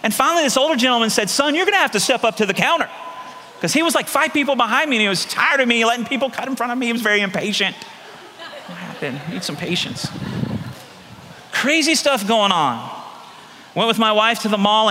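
A middle-aged pastor preaching, with a fairly high voice that has a bright, forceful edge. He tells stories conversationally and sinks to a soft, slow delivery on key lines. His voice rings with the long reverb of a church hall. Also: a little hiss or hum. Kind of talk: sermon with personal stories.

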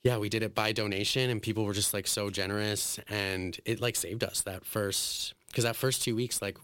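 A man's voice: lowish voice, steady tone, moderate pace, fairly bright tone, clear, resonant tone, no echo, clean studio sound. A man, a drag performer, telling stories in a casual interview, chatty and emotional, full of filler words, laughing often and acting out what people said.

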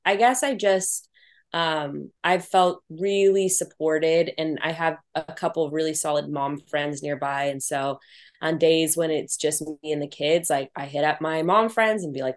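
A woman in her thirties hosting a podcast, telling stories in a chatty, animated way full of filler words. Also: sits low, measured pace. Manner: chatty, animated storytelling with many "like"s. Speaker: podcast host. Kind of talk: casual chat.

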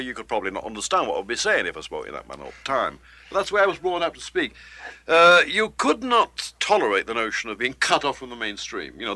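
Man, from Manchester, interview, wry, rambling, dry close sound, low-pitched. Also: dry recording. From Manchester, England. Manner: animated, wry, rambling with asides. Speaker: interviewed writer. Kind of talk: archival interview, conversational.

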